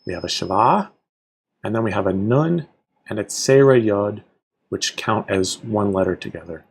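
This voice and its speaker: A man's voice: fairly low pitch, animated, moderate pace, creaky, husky. A man teaching a Hebrew reading lesson, patiently naming each letter and vowel one at a time.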